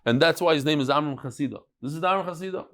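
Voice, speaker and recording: A man's voice: fairly high pitch, very fast, fairly bright tone. A middle-aged man teaching a Talmud class, telling stories and bantering with his students.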